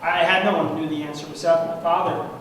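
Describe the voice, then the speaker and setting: A young man with a high voice gives an award acceptance speech, heartfelt and halting. He sounds emotional, and he is heard from a distance in a large, echoing banquet hall with a steady hum of noise around him. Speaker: award recipient. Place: large banquet room at an annual meeting. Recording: echoey hall from far off, noisy.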